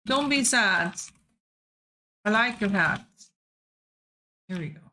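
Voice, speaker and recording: A woman's voice: medium pitch, expressive, slow pace, sharp tone. A woman giving live game stream commentary, chatty and playful as she thinks aloud.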